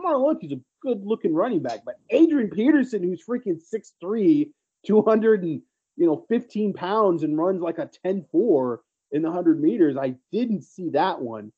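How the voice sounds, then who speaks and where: A man's voice: high-pitched, very animated, normal speed, slightly rough, lo-fi sound. A man co-hosting a casual sports podcast, telling recruiting stories in a rambling, teasing way. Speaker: podcast co-host, recruiting analyst.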